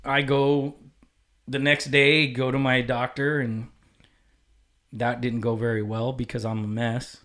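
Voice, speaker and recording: A man's voice: mid-range voice, flat delivery, a little slow, long pauses, fairly bright tone. Candid, profane man telling a story. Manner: candid and profane, acting out quoted dialogue. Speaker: podcast guest. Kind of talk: casual storytelling chat.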